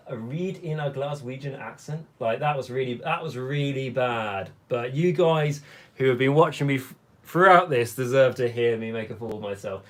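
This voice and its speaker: A young man hosting a hobby livestream, his voice worn hoarse from hours of talking, rambling casually as he reads out chat comments. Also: medium pitch, moderate pace.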